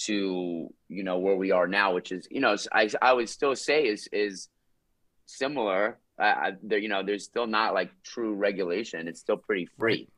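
A man's voice: on the low side, moderate pace, fairly bright tone. Upbeat, playful podcast guest man. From France. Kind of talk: casual podcast chat.

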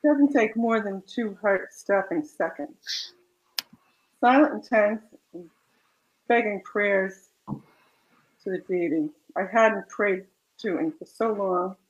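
Softly and with measured pacing, a female author reads from her own romance fiction before chatting about the story. She has a mid-range voice, and the recording's high frequencies are cut off.

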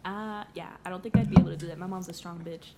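Profane, animated young woman storyteller. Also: on the low side, quick pace, loud music behind the voice. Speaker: podcast co-host. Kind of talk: casual chat.

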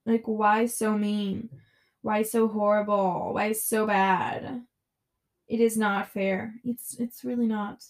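A young woman rambling through a solo podcast at an unhurried, drawn-out pace. Her talk is loose and profane, full of "like" and heavy complaining. Her voice sits at a middling pitch for a woman. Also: little pitch movement. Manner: ranting, frequent cursing, lots of "like" fillers. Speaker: podcast host. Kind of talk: casual solo podcast chat.

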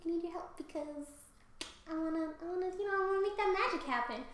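A woman voicing a lustful queen who coaxes in a hushed, stammering voice, recorded in a very echoey room. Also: very high-pitched, quick pace, a little hiss or hum, voice pushed up. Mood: wheedling.

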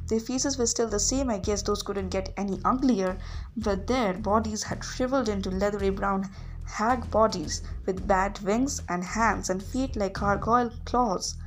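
A woman reading a story aloud in a steady storytelling voice, giving the characters their own voices. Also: mid-range voice, normal speed, soft background music. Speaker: reader. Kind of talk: audiobook reading.

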